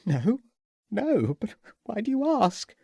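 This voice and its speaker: A man voicing a distressed, genteel widowed hostess who speaks softly and politely. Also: medium pitch, sing-song, slow, gravelly, husky, dry recording, studio quality, voice pushed up, exaggerated voice. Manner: soft, shaken and polite.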